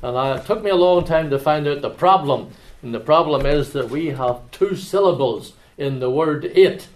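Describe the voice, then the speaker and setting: Preaching in a church, an Ulster-accented man from Northern Ireland shares anecdotes before turning to a measured, solemn scripture reading. His voice sits on the high side.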